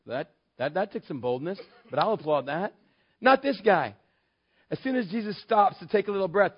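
A man's voice: high voice, lively intonation, moderate pace, slightly rough. A male pastor preaching a sermon in an emphatic, conversational way, telling the story with animation. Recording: dull lo-fi sermon recording.

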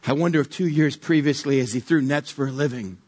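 A man's voice: medium pitch, brisk, a little mellow, husky. A man preaching a sermon as a retold story, wondering aloud and joking casually with the listeners. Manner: wondering, conversational with jokes.

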